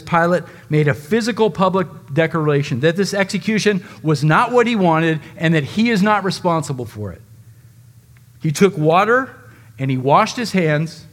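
A man delivering a sermon with a slightly high-pitched voice. He speaks dramatically, acting out quoted speech and rising and dropping his volume for effect. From United States. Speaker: pastor.

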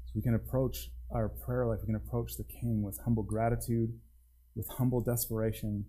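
A pastor delivers a sermon in a relaxed, conversational style, frequently restarting phrases, and his mellow, warm voice falls to a hush on key points. He speaks at a medium pitch and normal speed, and the recording quality is low.

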